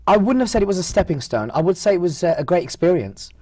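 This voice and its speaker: A man with an English accent telling stories from his stage career in a relaxed, self-mocking way. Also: sits high, fast, dry recording, clean studio sound. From United Kingdom. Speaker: stage performer and guest. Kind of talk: casual interview chat.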